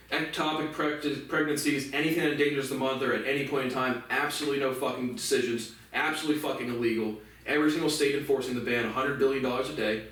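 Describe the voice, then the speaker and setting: Man, solo vlogger, angry profane rant, slightly high voice, far from the mic in a boomy room. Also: heavy reverb. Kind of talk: ranting monologue.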